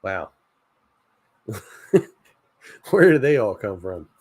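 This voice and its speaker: Chill guy host, kinda low voice, rambling and cracking himself up on a late-night chat stream. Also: moderate pace, no room sound. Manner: joking, rambling, laughs often at his own ideas. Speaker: channel host.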